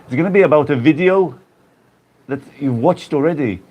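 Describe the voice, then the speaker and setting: English guy doing his sunday live chat, slightly high voice, chatty, laughs a lot. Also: normal speed, a little mellow. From England. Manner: chatty, laughs often, greets viewers by name. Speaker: YouTube host reading live chat. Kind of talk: casual live-stream chat.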